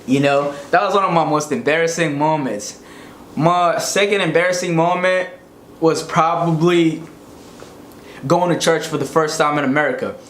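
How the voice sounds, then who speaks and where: Man from Africa, slightly high voice, animated comic storyteller; echoey room, faint hiss. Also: normal speed. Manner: animated, slangy, profane. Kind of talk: casual comedic storytelling.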